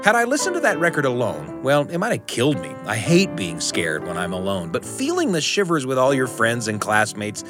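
Man, podcast host, storytelling, expressive, playful, lively pitch, faint music behind. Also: moderate pace. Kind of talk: personal storytelling.

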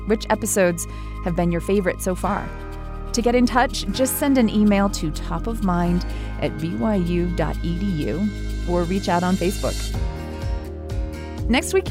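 A woman hosting a radio show and podcast, reading an upbeat outro and promoting the next episode. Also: medium pitch. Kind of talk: interview and scripted outro. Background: music.

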